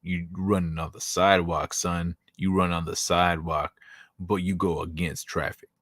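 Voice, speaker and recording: A man's voice: sits low, level tone, moderate pace, fairly bright tone, no room sound, clean studio sound. A man hosting a casual late-night livestream, joking crudely and bantering with his chat. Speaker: livestream host.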